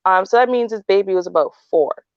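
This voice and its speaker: A woman's voice: medium pitch, fast, clean tone, no echo, lo-fi sound. A woman commentating in a casual way, sounding incredulous and reasoning things out aloud. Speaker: podcast commentator.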